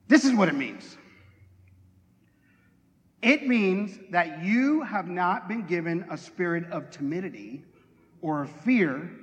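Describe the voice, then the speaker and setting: A man with a fairly high voice preaches a relaxed, conversational sermon. He jokes and asks his listeners questions. The sound carries a long reverb from a church hall. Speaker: pastor.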